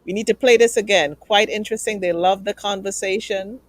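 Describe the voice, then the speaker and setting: A woman's voice: medium pitch, fairly even intonation, brisk, dry recording. A woman hosting a live talk show, earnest and emotional as she thanks guests and pleads with viewers.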